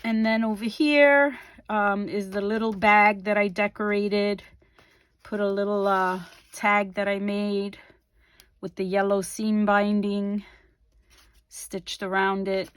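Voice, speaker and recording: Slow, relaxed woman narrating crafts. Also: mid-range voice, no echo. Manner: relaxed and unhurried, with frequent ums and small self-corrections. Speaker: craft video host. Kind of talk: casual craft flip-through narration.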